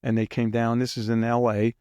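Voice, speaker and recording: A man's voice: mid-range voice, little pitch movement, a little fast, darkish tone, clean tone, dry recording. A man guest on an interview, rambling through anecdotes and sometimes mimicking drum beats in a casual, chuckling way. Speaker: guest drummer.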